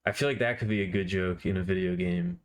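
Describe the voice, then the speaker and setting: A man with a fairly low voice chats on a live art stream. His talk is loose and rambling, with playful asides to his viewers as he works. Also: animated, fast. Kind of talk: casual live-stream chat.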